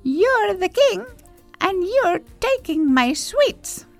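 A woman voicing a spirited, honest little girl in a storybook reading, in a high childlike voice. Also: sing-song, gravelly, no echo, soft background music, exaggerated voice. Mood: firm. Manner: insistent, slow and emphatic.

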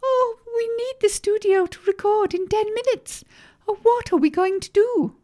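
Storybook side character: woman voicing a panicky young secretary, high-pitched and wailing. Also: normal speed, mellow.

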